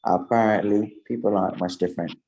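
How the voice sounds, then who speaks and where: A man's voice: on the low side, steady tone, a little fast, dark tone, poor audio. A man, a class participant, reading a textbook passage aloud steadily and carefully.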